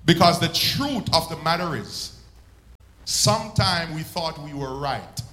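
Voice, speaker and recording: A male pastor preaches in a high, bright, ringing voice. He swells up and then stretches words out slowly for emphasis. The sound bounces around an echoey church room. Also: expressive. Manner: preaching with sudden swells and slow drawn-out emphasis. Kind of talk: sermon.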